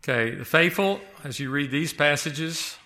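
A man preaching a sermon, speaking haltingly with frequent restarts and slowing down to stress key words. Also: on the high side, sharp tone.

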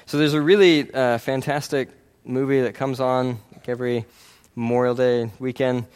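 Preaching with a medium-pitched, smooth, darkish voice, a man keeps a steady tone and a moderate pace. He's earnest and conversational, regularly checking in with his congregation, tossing in "right?" often and restarting his sentences.

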